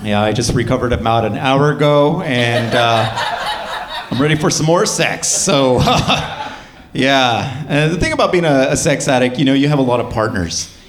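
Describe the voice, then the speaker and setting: A man's voice: medium pitch, expressive, unhurried. A young man doing a stand-up comedy set, with a loose, wry delivery full of fillers.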